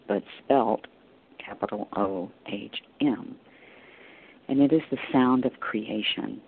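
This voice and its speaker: A man giving a calm, unhurried meditation talk as a spiritual teacher, pausing between short phrases. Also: lowish voice, vocal fry, husky. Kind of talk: slow guided meditation talk. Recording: tinny phone-like line with faint hiss.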